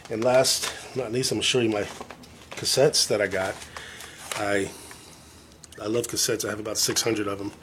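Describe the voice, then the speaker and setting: A man's voice: lowish voice, fairly even intonation, normal speed, long pauses, a bit bright, slight background noise. A man chatting casually to camera as a vlogger, rambling and enthusiastic with a self-deprecating streak. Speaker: vlogger showing his record collection.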